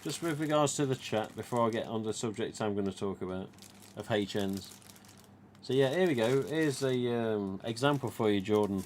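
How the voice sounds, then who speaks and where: A man's voice: lowish voice, normal speed, a little mellow, slight background noise. A man with an English East Midlands accent hosting a casual live stream, rambling chattily through his topic. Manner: chatty, rambling, retells dialogue. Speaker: live stream host, mask collector.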